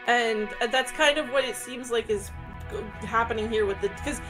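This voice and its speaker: A woman's voice: fairly high pitch, normal speed, music in the background. Rambly woman explaining on stream. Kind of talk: casual stream chat.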